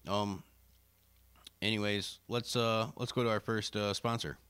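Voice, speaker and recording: A man hosting a casual comedy podcast in a flat, halting way, full of fillers. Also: fairly low pitch, clean tone, no echo. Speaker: podcast host.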